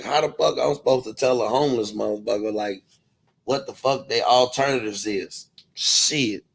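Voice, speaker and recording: A man hosting his own commentary channel, ranting in a casual, profane way and mocking others with quick impressions. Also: mid-range voice, gravelly, a bit bright.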